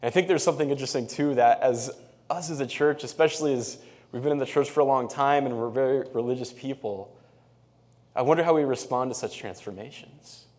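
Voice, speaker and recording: A man giving a sermon in an easy, conversational way, his voice sitting in a middle male range. He gets animated as he tells the story and reads scripture aloud. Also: mid-range voice, fairly quick. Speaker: pastor.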